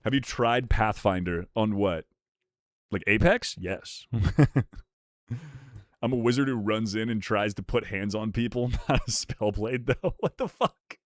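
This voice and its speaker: Chatting casually with his audience, this streamer is loud, crude, and full of jokes, with sudden rants that send his pitch leaping. Yet he speaks slowly, with long pauses. The sound is studio quality with no room sound.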